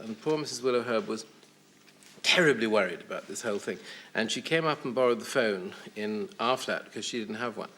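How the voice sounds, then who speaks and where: A man's voice: medium pitch, fairly bright tone, slight background noise. Wry, hesitant man telling stories. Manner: hesitant, wry storyteller with many ums. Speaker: talk show guest. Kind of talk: anecdotal chat show interview. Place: television studio.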